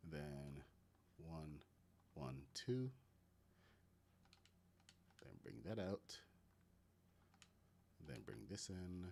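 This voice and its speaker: A man's voice: very deep voice, slow, gravelly, long pauses, darkish tone, a little hiss or hum. A man with a Caribbean accent giving casual commentary, thinking aloud and talking to his chat while building in a game. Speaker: gaming streamer.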